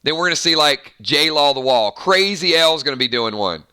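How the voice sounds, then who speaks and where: Game host from the Southern US, hyper and rambling, bright pushy voice, fairly high. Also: male voice, lively intonation, clear, resonant tone. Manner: hyper, rambling, quick asides. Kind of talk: live game stream commentary.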